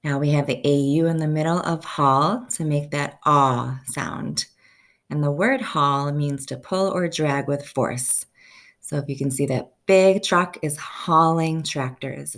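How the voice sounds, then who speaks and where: A woman teaching a first-grade phonics lesson, slowly stretching out each sound so children can say the words with her. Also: deep voice.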